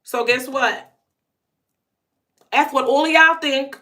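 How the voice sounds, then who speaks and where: A woman's voice: high voice, slow pace, long pauses, sharp tone. A young adult woman vlogger telling a personal story to camera in a blunt, emphatic way, often stuttering through repeated words.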